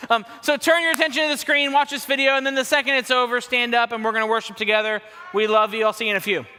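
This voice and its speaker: A man's voice: very high voice, fairly even intonation, rapid-fire, pushed and bright, clear, resonant tone, long reverb tail. A young man making upbeat church announcements to his youth group, enthusiastic and repeating words for emphasis.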